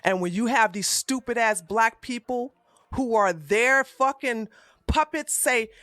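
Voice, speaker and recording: A woman's voice: on the high side, measured pace, a bit bright, no echo, studio quality, soft background music. A woman streamer giving heated live-stream commentary in a profane, fiery rant, recorded at a home streaming setup.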